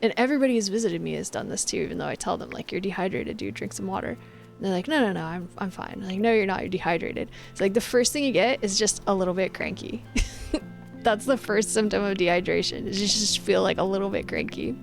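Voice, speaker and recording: A young woman chats live with her stream viewers, mid-pitched with a gravelly edge to her voice. She talks in a bossy, laughing way and acts out what people say. Faint music plays underneath. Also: animated, fairly quick. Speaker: Twitch streamer. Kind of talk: casual chat with live chat.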